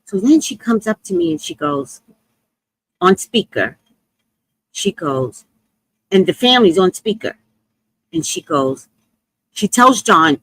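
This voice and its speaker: A woman's voice: on the low side, big pitch swings, slow pace, long pauses, breathy edge, dry recording, rough recording. A woman telling a comedic story in a monologue, acting out the people she quotes and swearing freely.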